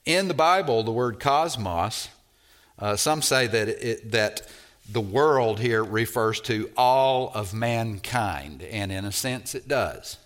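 A man preaching an expository sermon in a low voice. He takes his time, slow and deliberate, repeating phrases and punching single words hard. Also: lively intonation, fairly bright tone.

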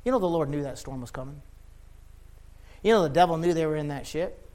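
A man preaching a sermon with passion, rising to loud shouts and dropping to quiet, low lines. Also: fairly quick. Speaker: pastor.

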